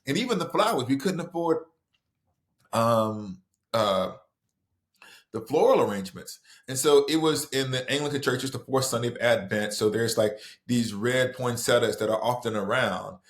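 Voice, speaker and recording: Southern man telling stories. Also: mid-range voice. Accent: Southern American. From American South. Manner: animated, quick storytelling with many restarts. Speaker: author guest. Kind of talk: storytelling in conversation.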